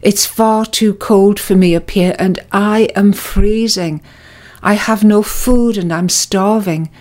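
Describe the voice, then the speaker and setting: A woman's voice: mid-range voice, fairly even intonation, takes it slowly, a little mellow, lightly acted. A woman voicing a persuasive, deceitful rattlesnake in a spoken story, pleading and coaxing.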